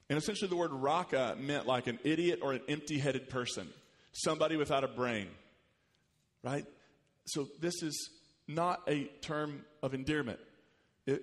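A man preaching a sermon as pastor, animated, rising in pitch and volume when he quotes scripture. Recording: long hall reverb.

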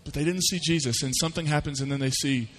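A man's voice: fairly high pitch, quick pace, in a large hall. A man preaching a sermon, telling stories in a folksy way and voicing the people in them. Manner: folksy storytelling with lively voiced asides. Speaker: pastor.

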